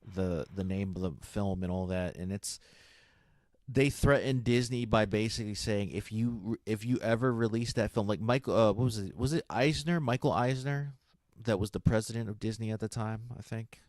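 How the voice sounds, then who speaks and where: A man's voice: lowish voice, normal speed, a little mellow, no echo. A man in casual chat, rambling with lots of fillers and restarts. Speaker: guest on a comic stream.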